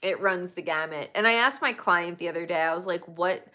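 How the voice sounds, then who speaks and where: A woman's voice: lowish voice, a little fast, bright, forceful tone. A woman hosting her own livestream, talking in a rambling, opinionated casual chat and filling her talk with "like". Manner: rambling and opinionated, full of "like" fillers. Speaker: livestream host.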